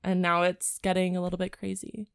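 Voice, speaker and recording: A woman podcast co-host talks in a casual, rambling way, peppering her speech with "like" and breaking into laughter. Her voice sits low for a woman. The recording is dry and close. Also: monotone, fairly quick, creaky, clear, resonant tone, no room sound. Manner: laughs often, says "like" a lot. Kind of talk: casual chat and reading a novel aloud.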